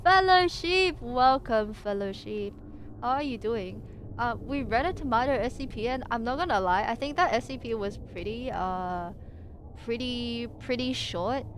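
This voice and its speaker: Giggly young woman streamer, rambling. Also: a little high. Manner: rambling, giggly, lots of fillers and restarts. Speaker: VTuber streamer. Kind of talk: casual livestream chat and reading.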